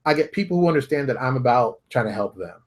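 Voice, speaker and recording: A man hosting his own show, talking straight to viewers in a fired-up, preachy rant full of rapid rhetorical questions. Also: medium pitch, expressive. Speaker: show host. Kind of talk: animated solo commentary.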